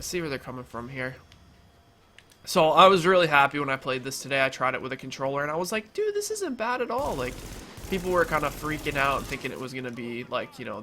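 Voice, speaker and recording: A man's voice: medium pitch, fairly even intonation, fast talker, pushed and bright, a little hiss or hum. Nasal young man narrating his gameplay. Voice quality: nasal from allergies. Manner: chatty, filler-heavy, reassuring the viewers. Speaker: gaming YouTuber. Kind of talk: casual gameplay commentary.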